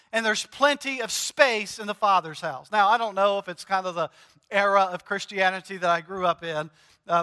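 High, bright-voiced pastor preaching. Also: male voice, clear, resonant tone, big-room sound. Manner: animated and joking, talks to the congregation directly. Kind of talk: conversational sermon.

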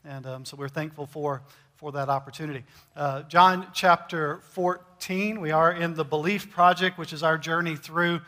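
Preacher guy, middle-aged, high bright voice, chatty sermon full of uhs, church echo. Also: fairly even intonation, moderate pace. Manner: conversational preaching with frequent "uh" fillers and humor. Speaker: pastor. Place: church sanctuary.

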